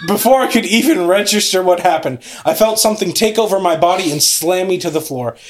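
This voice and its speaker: A man's voice: high voice, brisk. A man hosting a podcast, reading a creepy story aloud with theatrical, suspense-building delivery.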